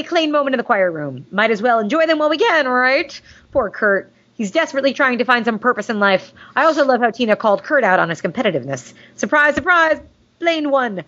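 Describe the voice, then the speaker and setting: Woman, podcast host, gushing casual chat, high-ish voice, muffled lo-fi sound. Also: fairly bright tone. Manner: gushing, chatty, jokey. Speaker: podcast host reading listener mail. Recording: dull lo-fi sound.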